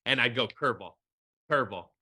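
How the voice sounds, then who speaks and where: A man in his thirties, a former pitcher, chatting casually as a podcast guest and acting out the dialogue in his stories. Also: fast talker, husky, no echo, studio quality. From Mexico. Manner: animated storyteller, acts out quoted dialogue. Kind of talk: casual chat.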